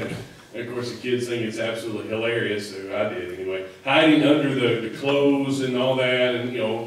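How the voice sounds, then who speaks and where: A medium-pitched male preacher talks his way through a sermon casually, rambling with many fillers and starting sentences over. The mic sits far off in an echoey church sanctuary, and there's slight background noise.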